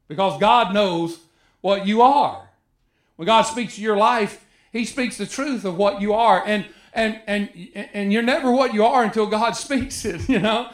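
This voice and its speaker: A man delivering a sermon with a fairly high voice. He is animated and acts out the voices of biblical figures. His voice rings in an echoey room. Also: moderate pace. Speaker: preacher.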